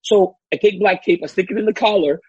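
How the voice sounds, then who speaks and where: A man from Louisiana with a high, husky voice, chatting casually and telling stories with lots of laughter. The sound is dry and a little dull, with a lo-fi edge. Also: fast talker, no echo. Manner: animated storytelling, laughs often. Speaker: co-host and fight analyst. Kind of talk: casual chat.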